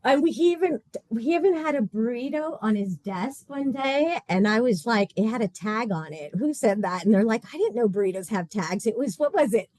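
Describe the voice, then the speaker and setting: A woman's voice: fairly high pitch, lively intonation, normal speed, hardly any pauses, a little mellow, dry recording. A woman leading a support group session in a casual, playful and blunt way, laughing often.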